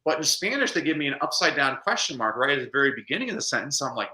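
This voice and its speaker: A man speaking as a guest in a casual interview, animated and playful, often putting on quick voices to make a point. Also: mid-range voice, roomy sound, low-quality recording. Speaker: guest speaker and literacy coach. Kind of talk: casual video call interview.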